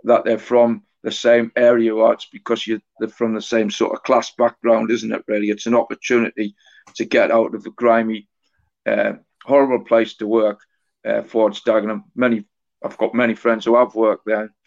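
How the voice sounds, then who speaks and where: Halting man, flat voice, dull recording. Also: on the low side, vocal fry. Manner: halting, often repeats words and restarts. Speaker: author guest. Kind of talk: conversational storytelling interview.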